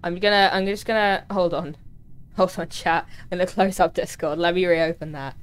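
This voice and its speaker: A woman's voice: fairly even intonation, normal speed, clear, resonant tone. A woman streaming a game, chatting casually with her viewers and teammates. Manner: chatty, talks to chat, voice jumps high when touched. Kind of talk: casual gaming livestream chat.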